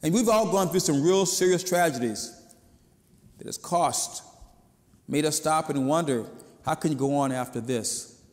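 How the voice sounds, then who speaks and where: The man preaching sounds easygoing and conversational, his slightly high voice ringing through a reverberant church. He moves a little slowly, leaving long pauses, and at times mimics the people he quotes.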